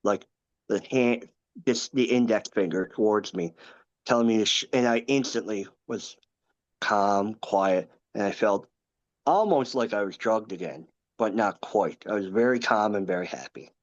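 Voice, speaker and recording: A man in his thirties, a podcast guest, recounting a personal story in an earnest, halting way with many asides. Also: on the low side, dull audio. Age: 30s.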